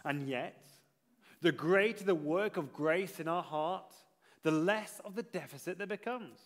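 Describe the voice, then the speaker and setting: High-voiced man preaching in a reverberant hall. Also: unhurried. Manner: earnest, builds to emphatic repetition then drops low. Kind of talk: sermon.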